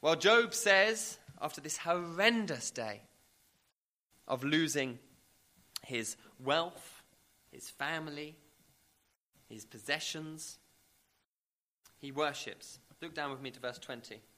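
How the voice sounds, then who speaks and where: Male preacher, bright slightly high voice, emphatic sermon delivery, some hesitant fillers. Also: lively intonation, takes it slowly, pauses often. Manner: emphatic, builds with rising repeated questions.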